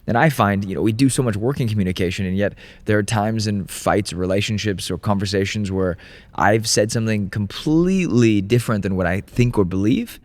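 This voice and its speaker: A young man co-hosting a podcast in casual conversation, speaking reflectively and haltingly, often restarting his thoughts. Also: on the low side, darkish tone, dry recording. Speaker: podcast co-host.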